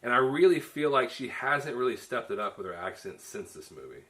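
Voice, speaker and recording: Bright-voiced man reviewing a film. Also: mid-range voice, expressive, a little fast. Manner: chatty, many restarts and "you know". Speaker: film reviewer, show host. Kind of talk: casual review chat.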